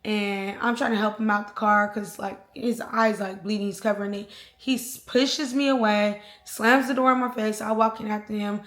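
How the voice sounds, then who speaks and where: A young adult woman vlogger telling an animated, slangy storytime with sound effects. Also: mid-range voice, normal speed. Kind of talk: storytime vlog. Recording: roomy echo.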